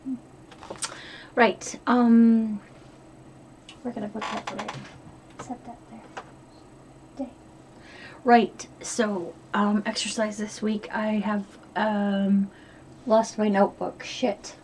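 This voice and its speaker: A woman's voice: mid-range voice, flat delivery, slow, long pauses, a little mellow. Middle-aged American woman vlogger, chatty and profane, mid-range voice, faint hiss behind. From upstate New York. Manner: chatty, swears freely, rambling. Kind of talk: casual diary vlog.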